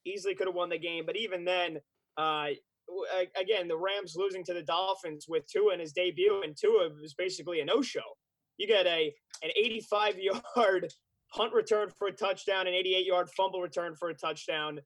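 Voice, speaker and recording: High-voiced upbeat male co-host. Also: fairly even intonation, normal speed, fairly bright tone, no echo. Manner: upbeat and talkative, with restarts. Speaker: podcast co-host. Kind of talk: casual sports podcast chat.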